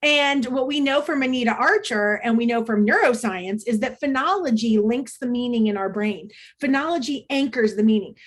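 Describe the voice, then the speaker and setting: A woman presenting an interactive online workshop for teachers, speaking over a video call in an upbeat, chatty way with frequent ums. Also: fairly high pitch. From United States.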